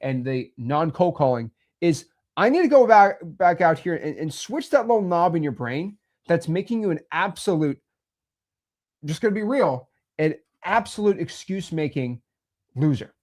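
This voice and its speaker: A man's voice: fairly high pitch, very animated, moderate pace, a little mellow. A man hosting a talk, speaking bluntly and pushily and repeating himself. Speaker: host. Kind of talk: motivational talk.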